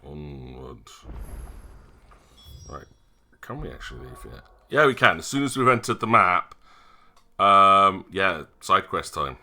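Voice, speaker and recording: A man's voice: low-pitched, very animated, unhurried, long pauses, pushed and bright. Sarcastic man streaming a game. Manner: chatty, sarcastic, mocking. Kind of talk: live gameplay commentary. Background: game music.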